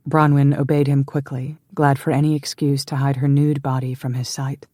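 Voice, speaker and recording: Woman narrator, deep voice, measured, dry close recording, audiobook. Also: little pitch movement, dark tone, no echo. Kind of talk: scripted narration.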